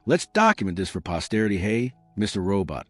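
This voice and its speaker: A man's voice: on the low side, very animated, fairly quick, no room sound, faint music behind. A man voicing a mocking, entitled young woman tourist in a narrated story. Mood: sneering. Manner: sneering, mocking.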